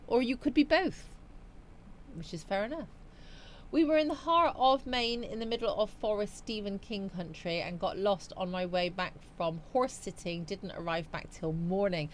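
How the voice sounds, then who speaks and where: A woman's voice: medium pitch, normal speed, a little hiss or hum. Chatty woman streamer. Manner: chatty and rambling, musing aloud with frequent fillers. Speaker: livestream host. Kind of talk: casual chat, reading viewer comments aloud.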